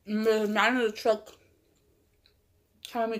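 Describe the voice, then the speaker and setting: A woman's voice: on the high side, flat delivery, unhurried. Chatty woman telling a story. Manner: rambling, full of "like" and self-corrections. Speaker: mukbang vlogger. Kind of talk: casual storytelling.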